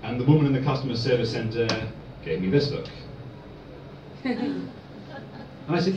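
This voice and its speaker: A man performing a stand-up comedy set in a club, telling deadpan one-liners. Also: mid-range voice, moderate pace, long pauses, far from the mic, background noise. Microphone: far phone recording. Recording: echoey dull phone recording from afar.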